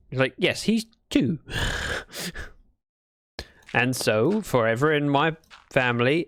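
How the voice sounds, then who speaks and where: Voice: mid-range voice, animated, unhurried, pauses often. A livestreamer chatting casually and playfully, telling little stories while playing. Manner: chatty, playful, storytelling asides. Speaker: Minecraft livestreamer. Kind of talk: casual gaming livestream chat.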